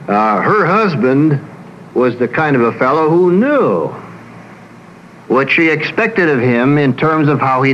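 A man's voice: medium pitch, dull audio, slight background noise. A man who works as a psychologist, giving a folksy lecture full of anecdotes and acting out the people he describes.

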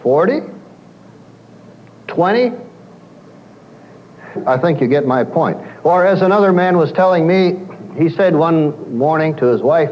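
A man speaking to a live audience as a counselor, his voice pitched a little high and moving a lot as he acts out his clients' complaints. The recording sounds dull and dated, with a faint hiss behind it. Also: unhurried, pauses often. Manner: animated storyteller, acts out quoted clients.

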